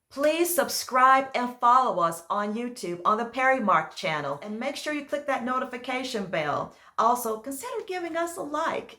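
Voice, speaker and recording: Female author-narrator, earnest and measured, medium pitch. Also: a bit bright. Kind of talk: book reading narration.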